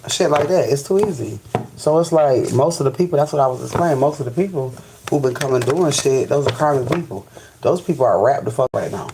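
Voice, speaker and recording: Over background noise, a man with a medium-pitched, expressive voice rants fairly quickly while hosting a spiritual live stream. His speech is casual and profane, he keeps saying "you know what I'm saying," and he restarts and stammers when he gets fired up.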